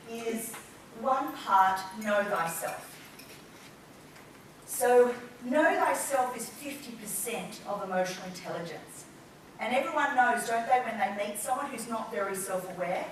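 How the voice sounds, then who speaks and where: A woman trainer teaching a live workshop, animated and acting out the people she talks about. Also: fairly high pitch, slight background noise. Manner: lively, acts out quoted people. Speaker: business trainer. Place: large room with an audience. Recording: echoey room, mic far off.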